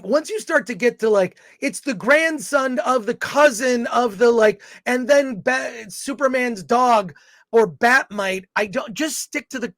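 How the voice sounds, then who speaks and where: A man's voice: extremely high pitch, a bit bright, dry recording, clean studio sound. Blunt, rambling male film reviewer. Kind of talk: casual film review chat.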